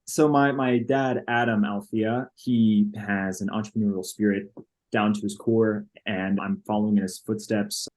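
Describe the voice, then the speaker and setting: A man's voice: fairly low pitch, fairly even intonation, moderate pace, darkish tone. A young man in his twenties from Dallas, a podcast guest who answers casually and a bit hesitantly, repeating words as he starts. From Dallas, Texas. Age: 20s.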